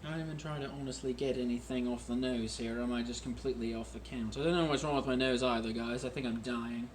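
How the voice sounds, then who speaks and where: A man hosting a casual wine-tasting vlog at home in a deliberately put-on British accent, joking and rambling about himself while recording on a phone. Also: medium pitch, fairly even intonation, a little hiss or hum. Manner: jokey, rambling and self-mocking.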